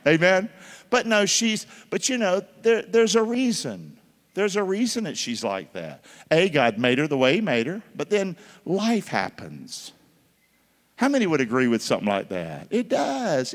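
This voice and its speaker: A male pastor preaching a sermon, calling out for answers from the congregation and swinging between loud and hushed. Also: on the high side, sing-song, moderate pace. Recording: long hall reverb.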